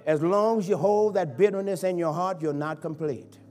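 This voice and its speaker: A man with a notably high voice preaches a sermon in a church. He is fervent and dynamic, sinking to quiet pleading and then surging to full-voiced cries as a bishop. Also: normal speed. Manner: impassioned preaching that swings from hushed to shouting. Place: church sanctuary.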